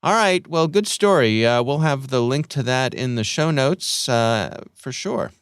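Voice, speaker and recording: A man co-hosting a podcast in casual chat, lively and joking around. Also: medium pitch, unhurried, smooth, no echo, studio quality. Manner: lively, chatty, jokes around. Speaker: podcast co-host.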